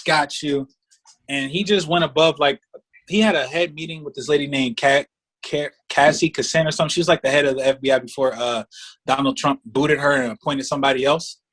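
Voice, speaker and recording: Guesting on a podcast, a man spins a story in loose, casual, profane talk, voicing the other characters quickly. His voice sits a little high for a man, with a steady, fairly bright tone.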